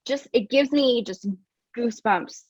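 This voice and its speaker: A woman's voice: a little high, a little slow, slightly rough, no echo. A woman guest, a wellness coach, telling her personal story in an earnest, reflective way, with a lot of "like". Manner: earnest and reflective, heavy use of "like". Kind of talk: candid personal storytelling in an interview. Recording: slightly dull, dry recording.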